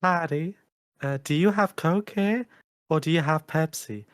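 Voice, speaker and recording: A sweet, genteel Southern belle, as a man puts her on. She speaks slowly in an attempted American Southern accent and draws out every word. Her voice sits slightly higher than an everyday man's. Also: no room sound, clean studio sound, lightly acted. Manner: slow, drawn-out delivery.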